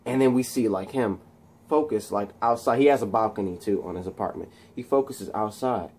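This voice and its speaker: A man casually retelling a movie plot, rambling excitedly with many restarts. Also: on the low side, brisk, breathy edge. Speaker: channel host.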